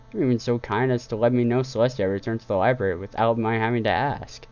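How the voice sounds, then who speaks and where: A man reading a first-person fan story aloud in a plain, even voice. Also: mid-range voice, dull audio. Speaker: fan fiction reader.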